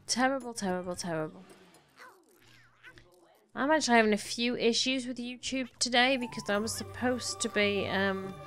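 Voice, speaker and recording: A woman's voice: a little high, moderate pace, a bit bright, soft background music. A woman giving casual commentary on a life-simulation game, chatting fondly to her characters as she plays. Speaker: gaming YouTuber. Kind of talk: casual Let's Play commentary.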